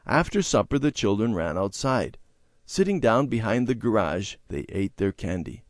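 A man narrating a children's story in an expressive, sing-song way. His voice is low yet moves up and down a lot. The recording is dry and close. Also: normal speed, no room sound. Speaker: story reader.

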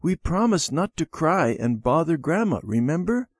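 Guy doing a little boy voice, earnest and steady, bit higher than normal. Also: normal speed, breathy edge, no room sound. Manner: earnest, reassuring. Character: young boy, steady and reassuring.

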